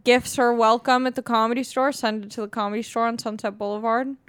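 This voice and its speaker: A woman's voice: on the high side, flat delivery, fast talker, a bit bright, clean tone, dry recording. Rambling, jokey young woman podcaster. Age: 20s. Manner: rambling, self-mocking and jokey. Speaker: podcast host. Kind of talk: casual podcast chat.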